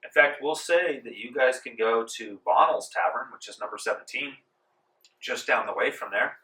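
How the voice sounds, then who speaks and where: Relaxed, meandering male game master; bright tone, distant mic in a roomy space. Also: medium pitch, moderate pace. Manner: relaxed with many fillers. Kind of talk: narrating a tabletop game. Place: library room. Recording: echoey room from far off.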